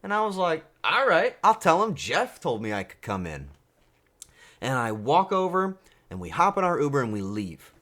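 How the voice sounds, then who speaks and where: A young man streaming, telling a story casually to his chat in an animated way. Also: fairly high pitch, moderate pace. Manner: animated, bursts into excited shouting.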